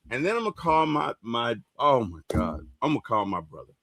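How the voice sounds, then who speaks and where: Emotional, lively-voiced male sports host. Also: on the high side, quick pace, few pauses, no echo. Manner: emotional, voice swelling when excited. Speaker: podcast host. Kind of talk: casual fan talk livestream.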